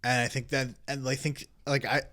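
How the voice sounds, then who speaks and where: A young man with a bright, forward voice chats casually on a podcast. He tells his story in a loose, rambling way, full of "like" and restarts, and often lets his voice drop low and quiet. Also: little pitch movement, normal speed. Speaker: podcast co-host. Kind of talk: casual chat.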